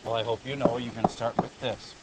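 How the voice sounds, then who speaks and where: A man teaching high school math in a classroom lecture, explaining steps plainly and breaking off into joking asides. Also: level tone, a little fast, heavy background noise.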